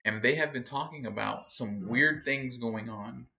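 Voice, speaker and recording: A man's voice: medium pitch, a little slow, vocal fry, background noise. A man running a tabletop game as game master, narrating in an easygoing, hesitant way with plenty of fillers. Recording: muffled lo-fi stream audio.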